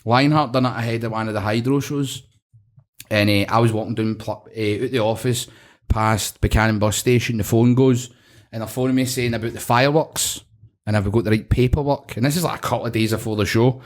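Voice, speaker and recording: A man's voice: mid-range voice, steady tone, fairly quick. A Scottish man hosting a podcast in casual chat, swearing freely and acting out phone calls as he tells stories. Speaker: podcast host.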